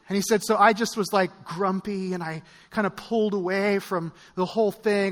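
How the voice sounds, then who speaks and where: High-voiced pastor in a reverberant hall. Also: male voice. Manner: casual, rambling storytelling with many fillers. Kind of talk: sermon. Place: church auditorium. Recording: long reverb of a large church hall.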